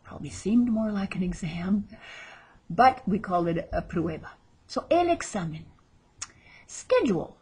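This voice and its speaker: A woman teaching a vocabulary lesson, drawing out each word slowly as she models pronunciation. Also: on the low side, mellow, breathy edge. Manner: slow, drawn-out model pronunciations. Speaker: Spanish teacher.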